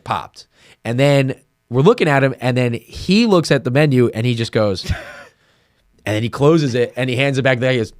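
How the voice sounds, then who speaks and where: A man's voice: medium pitch, no echo, studio quality. A young man hosting a podcast, telling a story in casual chat and acting out the voices of the people in it. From United States. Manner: animated, acts out quoted voices, laughing. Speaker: podcast host.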